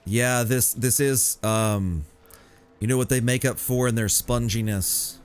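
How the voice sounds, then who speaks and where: A man's voice: medium pitch, unhurried, clean tone. A young man giving casual, joking commentary while playing a video game at home. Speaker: gameplay commentator. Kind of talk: casual let's-play commentary.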